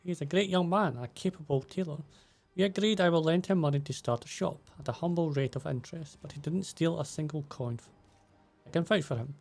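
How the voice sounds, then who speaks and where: A man's voice: on the high side, a little fast, creaky, darkish tone. A man reading the lines of a polite, earnest male moneylender aloud from game subtitles.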